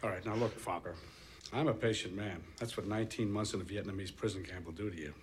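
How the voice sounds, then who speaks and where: An actor playing a stern, suspicious middle-aged ex-military father who speaks slowly and with quiet menace. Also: on the low side, steady tone, a little hiss or hum, close to an everyday voice. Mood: menacing. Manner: slow, quietly menacing, deliberate. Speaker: film character.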